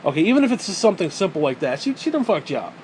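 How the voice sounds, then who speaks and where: A man in his forties riffing through a rambling, foul-mouthed rant, sarcastic and blunt. His voice sits a little high for a man. A faint hum of background noise lies under it. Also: sing-song, racing, a little mellow, low-quality recording. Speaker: vlogger. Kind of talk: rambling monologue.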